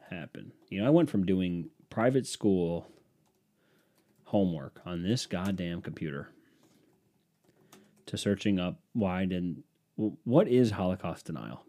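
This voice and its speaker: Ranting young man podcasting solo. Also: deep voice. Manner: worked-up ranting, swinging between shouting and mumbling. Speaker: podcast host.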